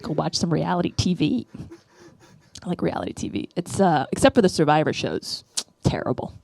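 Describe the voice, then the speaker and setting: A woman's voice: deep voice, big pitch swings, a little fast, creaky, darkish tone, dry recording. A woman, doing a rambling, self-deprecating stand-up routine into a stage mic. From the Bronx, New York. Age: 30s. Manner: rambling, self-deprecating, asks "right?" often. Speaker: stand-up comedian. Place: comedy club stage.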